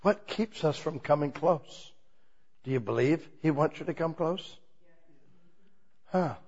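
A man preaching an informal, conversational sermon, asking the congregation many questions and swinging between quiet asides and loud, emphatic lines. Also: on the high side, unhurried, husky, dull audio. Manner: asks the listeners many rhetorical questions.

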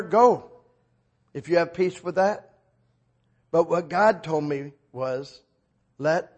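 A man preaching a conversational sermon, telling stories and acting out dialogue with sudden loud outbursts. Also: on the high side.

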